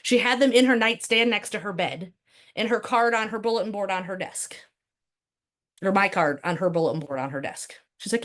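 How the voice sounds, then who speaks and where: A woman teaching a live workshop as a real estate trainer. She talks in a lively, conversational way full of rhetorical questions. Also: mid-range voice, a little fast.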